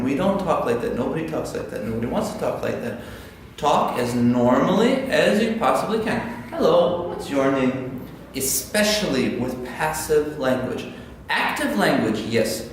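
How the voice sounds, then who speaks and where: A man teaching parents in an online lesson, animated and quick, acting out sample phrases as he explains. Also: on the high side. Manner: animated, talks fast, demonstrates phrases. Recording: echoey room, far from mic, faint hum.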